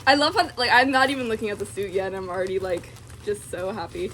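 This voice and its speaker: A woman's voice: medium pitch, fast, a bit bright, a little hiss or hum. A young woman vlogging casually, giggling and gushing with many fillers as she unboxes something.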